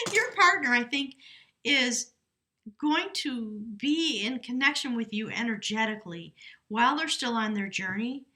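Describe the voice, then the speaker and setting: A woman's voice: fairly high pitch, bright, forceful tone, slight background noise. A middle-aged woman giving a chatty, enthusiastic tarot reading, now and then reading aloud from a book. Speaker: tarot reader. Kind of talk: casual spoken tarot reading.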